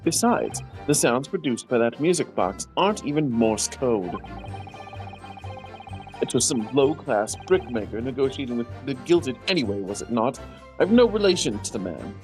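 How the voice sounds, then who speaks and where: A man's voice: medium pitch, expressive, moderate pace, a little mellow, soft background music, close to an everyday voice. A man playing a haughty official. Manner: condescending, precise. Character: haughty male government official.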